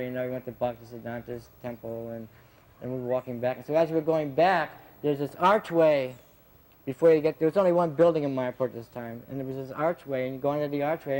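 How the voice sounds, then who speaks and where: A man's voice: fairly high pitch, a little mellow, rough recording. Chatty laughing man telling stories. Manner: chatty, laughs often, many fillers. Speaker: devotee recalling his time as a gardener. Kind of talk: casual anecdotal storytelling.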